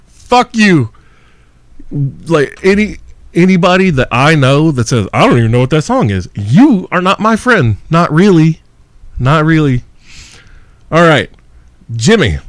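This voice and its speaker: A man's voice: fairly high pitch, dry recording. A man hosting a podcast and answering listener questions, ranting in a brash, profane, mocking way with frequent laughter. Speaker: podcast host.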